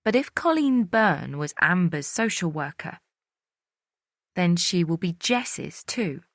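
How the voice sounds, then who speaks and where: A woman with a lowish voice narrating a suspense audiobook in the first person. Her delivery is measured and introspective, recorded close with a dry, roomless sound. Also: very animated, a bit bright, no echo.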